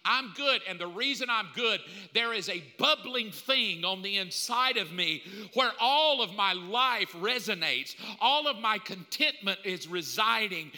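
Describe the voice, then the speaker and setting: A man preaching a sermon in an animated way, swinging between loud and hushed delivery. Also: high-pitched. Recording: long hall reverb.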